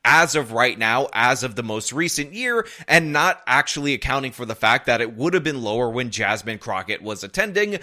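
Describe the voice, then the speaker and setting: A man delivers opinion commentary straight to his viewers, pressing every point with insistence. His voice is bright and tense, at a middle pitch for a man. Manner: emphatic, argumentative, repeats points. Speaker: political commentator.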